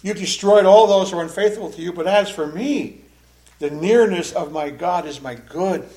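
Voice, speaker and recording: A man's voice: high-pitched, moderate pace, darkish tone. A man preaching a sermon in an earnest, emphatic way, pressing hard on key phrases. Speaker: pastor.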